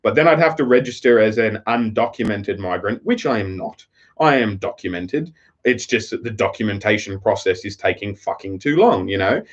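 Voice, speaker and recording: Expressive and speaking at normal speed, a lowish-voiced Australian man tells a sprawling, swear-filled story in casual live-stream chat, captured in slightly dull lo-fi audio.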